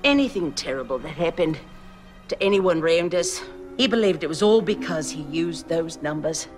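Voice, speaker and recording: A blunt, bitter skeptic. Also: female voice, low-pitched, expressive, normal speed, faint music behind. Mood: grim. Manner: blunt, scolding. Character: blunt, bitter woman who rejects curses. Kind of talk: TV drama clip.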